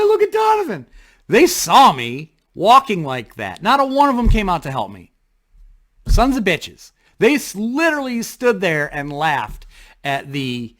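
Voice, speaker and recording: A man casually telling a rambling personal story to camera, animated, with restarts and blunt swearing. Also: on the high side.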